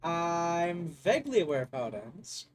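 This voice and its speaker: A man giving rambling, self-deprecating let's-play commentary in a high, animated voice that swings around as he jokes. Game music plays softly underneath. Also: a little slow. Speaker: gaming YouTuber.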